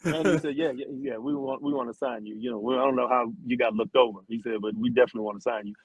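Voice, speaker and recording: A middle-aged man, an interview guest, telling a long story with lively quoted voices and many restarts. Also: mid-range voice, very fast, slightly rough, no echo, low-quality recording. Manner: animated storyteller, acts out quotes, frequent restarts. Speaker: interview guest, former football player and singer.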